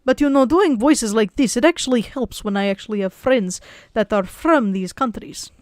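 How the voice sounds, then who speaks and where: A woman voice actress chatting casually on a livestream, rambling with frequent restarts and soft laughs. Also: fairly high pitch, normal speed, no echo, clean studio sound. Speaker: voice actress and streamer.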